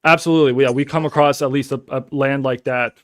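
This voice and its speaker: A man, running a casual live stream from his home office and chatting excitedly with viewers. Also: mid-range voice, fast, dry recording, clean studio sound. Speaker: wholesaler hosting a live stream. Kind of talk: casual live-stream chat and phone call.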